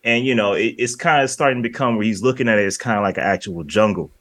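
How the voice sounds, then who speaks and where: A man's voice: lowish voice, fast, a bit bright, no room sound. A man co-hosting a casual film discussion podcast, rambling through scenes and acting out lines from the movie. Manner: rambling, acts out movie lines in quoted voices. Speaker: podcast co-host.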